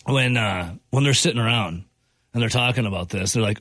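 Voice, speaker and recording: Male sports host, husky, dry close sound, joking and teasing. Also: on the low side, a little fast, fairly bright tone, no room sound. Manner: playful, mocking, mimics overhyped phrases. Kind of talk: casual sports chat.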